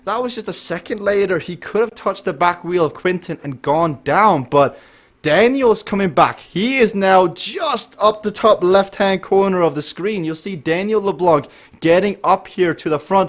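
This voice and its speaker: A man giving lively, chatty live commentary on an esports race and joking with the chat. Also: high voice, moderate pace. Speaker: race commentator and stream host.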